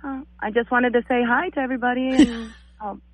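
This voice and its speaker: A woman's voice: fairly high pitch, fairly even intonation, a little fast. A woman calling into a radio show, chatting in a friendly, giggly, slightly hesitant way. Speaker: caller. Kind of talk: casual phone chat. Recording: tinny phone line.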